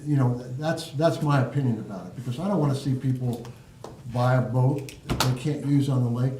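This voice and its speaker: A man's voice: mid-range voice, brisk, a little mellow, slight background noise. A man sharing his opinion at a community board meeting, earnest and thinking aloud with restarts. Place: meeting room. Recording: echoey room, mic at a distance.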